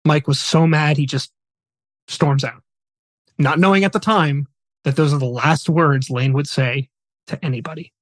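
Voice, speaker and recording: Higher-voiced man telling a true story. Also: moderate pace, long pauses, no echo. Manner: earnest, conversational storytelling. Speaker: podcast host. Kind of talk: casual true-story retelling.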